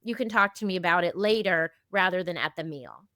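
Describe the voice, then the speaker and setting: A woman in her fifties, an eating disorder specialist, explaining gently in a casual podcast conversation and acting out little example dialogues. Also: on the low side, expressive, brisk, no echo, studio quality. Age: 50s.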